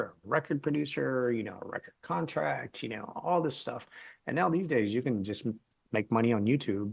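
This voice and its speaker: A man's voice: medium pitch, creaky, breathy edge. A middle-aged man hosting an interview, chatty, asking long rambling questions. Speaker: interview host. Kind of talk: casual interview talk.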